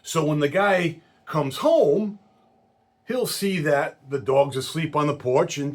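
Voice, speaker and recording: A man telling a story from his work in insurance in a casual way, acting out the people in it with lively voices. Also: on the high side, a little slow. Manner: animated storyteller who acts out quoted voices.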